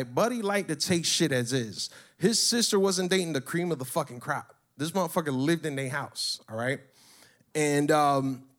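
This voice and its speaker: Man telling a story, brash, swearing constantly, slightly high voice. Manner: brash, swearing, animated retelling. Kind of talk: profane comic storytelling.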